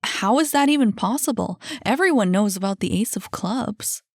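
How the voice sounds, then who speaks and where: A woman voicing a brisk, friendly woman who manages a club, emphatic and quick to exclaim. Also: mid-range voice, animated, dry recording, clean studio sound. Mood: astonished.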